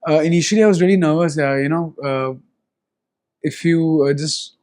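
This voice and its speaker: A young man from India with an Indian English accent, talking as a guest in a casual interview, quick and animated, switching between Hindi and English and laughing often. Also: a little high. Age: young adult.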